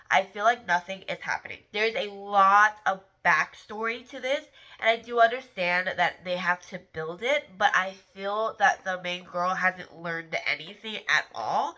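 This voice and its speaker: A woman's voice: medium pitch, pushed and bright, poor audio. Congested woman ranting about a book. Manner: chatty, candid ranting. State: congested from the flu. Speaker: book vlogger. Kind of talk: casual chat to camera.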